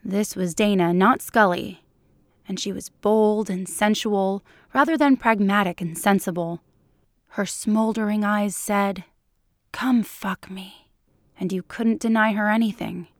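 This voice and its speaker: A woman reading fan fiction aloud for a podcast in a measured, unhurried way. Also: mid-range voice, dry recording, studio quality. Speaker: podcast reader.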